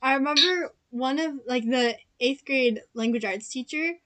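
Young woman, a bit high-pitched, in a laid-back chat; giggly, rambling storyteller. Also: moderate pace, a bit bright. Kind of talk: casual chat.

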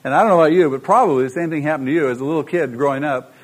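Preacher man, slightly high voice. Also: racing. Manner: emphatic, rhetorical questions to the congregation. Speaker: pastor. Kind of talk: sermon.

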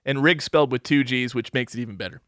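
A man's voice: mid-range voice, fairly bright tone, dry recording. A man co-hosting a casual podcast, reading out film credits between crude jokes. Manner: joking, crude banter, reads cast lists haltingly.

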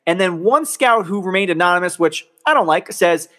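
A man's voice: high-pitched, expressive, normal speed, a bit bright. A man co-hosting a podcast, ranting in casual talk, exasperated and swearing a lot. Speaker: podcast co-host. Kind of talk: heated casual sports rant.

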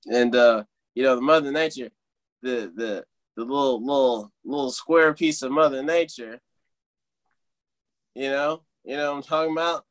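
A young man casually telling a funny story to friends on a podcast, animated and laughing along. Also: mid-range voice, normal speed. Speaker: podcast co-host.

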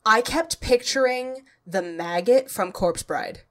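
A woman's voice: on the high side, lively intonation, slow pace. A young woman co-hosting a book podcast in casual chat, wry and plain-spoken, reacting with groans. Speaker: podcast co-host.

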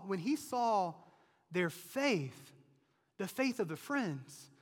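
A man's voice: sits high, a bit bright. A male pastor preaching a sermon in a conversational way, often asking "right?" as he talks. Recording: long reverb of a large hall.

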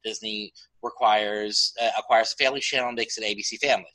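Bright-voiced man, animated podcast chat. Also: on the low side, fast, rough recording. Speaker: podcast co-host. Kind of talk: casual chat.

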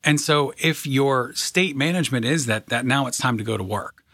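A man's voice: mid-range voice, normal speed, pushed and bright, no room sound, clean studio sound. A man, a podcast co-host and mindset coach, explaining ideas earnestly and stacking phrases for emphasis, often checking in with "right?". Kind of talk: motivational coaching talk.

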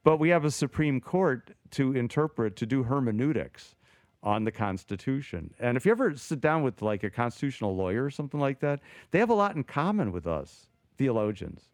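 Male co-host, theologian, animated, restarts a lot, mid pitch, dry recording. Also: a little fast, no echo. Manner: animated, thinking aloud with frequent restarts. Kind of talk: casual theological discussion.

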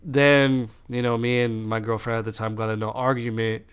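A man's voice: medium pitch, moderate pace, clean tone. Profane young man ranting a story. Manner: profane, animated, full of filler words. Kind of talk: casual storytime rant.

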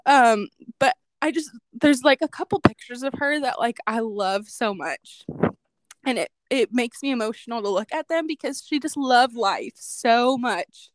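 A woman's voice: fairly high pitch, expressive, measured pace, dry recording. Chatty young woman, dry close sound. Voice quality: says "like" a lot, chatty and reflective. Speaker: podcast co-host. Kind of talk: casual chat, personal storytelling.

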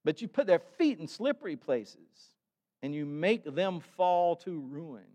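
A man's voice: on the high side, lively intonation, measured pace, a little mellow. A male pastor preaching a conversational sermon, reading scripture with rising intensity and often restarting his sentences.

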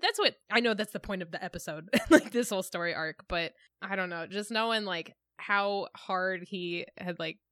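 A woman co-hosting a podcast rambles through her thoughts in casual chat, full of fillers. Her mid-pitched voice is recorded dry and close. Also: expressive, moderate pace, hardly any pauses, a bit bright, no room sound. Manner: rambling, filler-heavy, laughs often. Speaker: podcast co-host.

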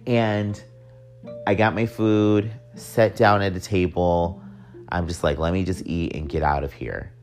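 A man's voice: low voice, steady tone, a little slow, a little mellow, soft background music. A young man telling a personal story in a candid, profane way, with wry joking asides.

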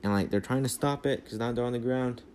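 A man's voice: medium pitch, fast talker, darkish tone, slight background noise. A man rambling through a casual movie recap on a phone mic, full of fillers and restarts. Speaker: podcast host.

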